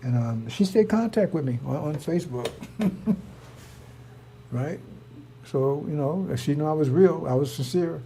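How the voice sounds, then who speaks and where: A man's voice: fairly high pitch, expressive, a little slow, long pauses, warm tone, a little hiss or hum. A man, telling a rambling personal story in a heated, emphatic, repetitive way. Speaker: online preacher.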